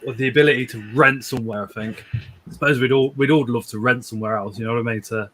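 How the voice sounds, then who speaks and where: A man's voice: mid-range voice, steady tone, fast talker, fairly bright tone, a little hiss or hum. A man hosting a casual live stream from home, rambling, repeating words and chuckling as he reads out viewer comments.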